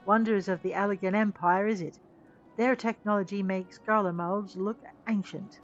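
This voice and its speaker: A woman voicing an eager young male soldier in a game, reading his lines with raised pitch and extra push. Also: steady tone, normal speed, faint music behind, close to an everyday voice. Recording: dull lo-fi sound.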